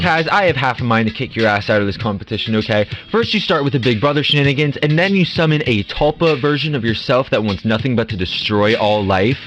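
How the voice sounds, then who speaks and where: A man hosting a comedy game-show sketch, sarcastic and deadpan, voicing every contestant himself. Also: medium pitch, quick pace, few pauses, dull audio, faint music behind. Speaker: host. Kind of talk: comedy sketch with many voices.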